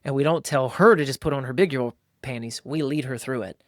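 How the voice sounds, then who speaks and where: Animated man with a dry, close sound. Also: mid-range voice, fairly quick, dry recording. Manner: animated, acts out voices. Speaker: podcast host. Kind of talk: casual coaching talk.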